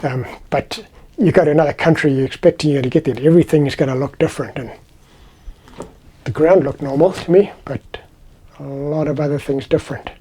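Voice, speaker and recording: Man, middle-aged, South African accent, rambling anecdotes, husky, mellow tone. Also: fairly high pitch, a little fast. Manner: rambling, conversational, with restarts. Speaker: vlogger. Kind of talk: casual anecdotal storytelling.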